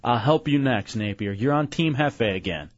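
A man's voice: medium pitch, expressive, normal speed. A man hosting a radio show, bossy and teasing as he pushes a co-worker around in casual banter. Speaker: radio host. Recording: muffled radio broadcast.

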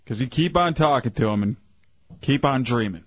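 A man's voice: medium pitch, expressive, moderate pace, no room sound. A man co-hosting a call-in radio show, joking and blunt. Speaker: radio co-host. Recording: dull lo-fi radio broadcast.

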